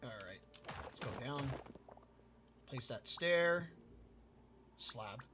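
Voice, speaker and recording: A man's voice: mid-range voice, lively intonation, extremely slow, background noise. A man streaming a building game and telling a rambling story, often repeating himself and tripping over his words. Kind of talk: casual storytelling while gaming.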